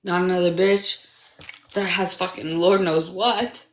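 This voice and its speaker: A woman's voice: on the low side, fairly even intonation, measured pace, roomy sound, slight background noise. A young woman in her twenties from Canada, telling a personal story in casual livestream chat, rambling and profane, with constant fillers like "like". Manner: rambling, profane, heavy use of "like".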